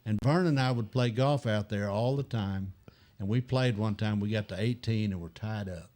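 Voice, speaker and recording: An older man telling animated anecdotes as a guest in a casual chat, acting out other people's lines. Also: fairly low pitch, normal speed.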